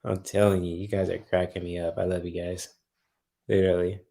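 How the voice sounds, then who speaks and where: A man's voice: low-pitched, flat delivery, a little fast, creaky, warm tone. A man hosting a late-night live stream, reading viewer comments aloud, laughing often and teasing playfully, a little sleepy. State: sleepy, yawning. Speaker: livestream host.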